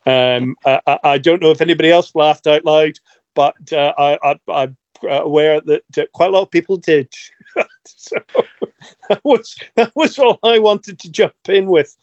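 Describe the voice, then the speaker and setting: Contributor, halting chatty man, lo-fi and dry. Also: on the high side, no echo. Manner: hesitant, many fillers. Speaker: podcast contributor. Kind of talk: casual chat.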